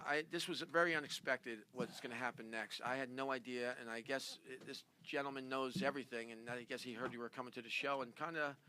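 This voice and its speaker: A man's voice: medium pitch, sharp tone, slight background noise. A man hosting a comedy talk show, stammering and laughing through his questions. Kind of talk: improvised comedy interview.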